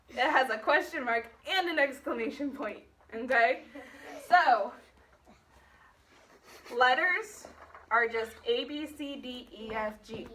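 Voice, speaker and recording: A woman teacher leading a phonics lesson for young children, quizzing the class and acting out exclamations in a high squeaky voice. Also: unhurried, a bit bright, far from the mic, slight background noise.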